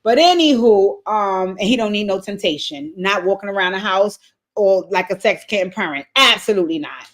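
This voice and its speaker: A woman giving a casual, animated recap of a TV episode, with blunt, profane commentary and asides straight to her viewers. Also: medium pitch, normal speed. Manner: chatty, talks straight to viewers. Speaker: TV recap host.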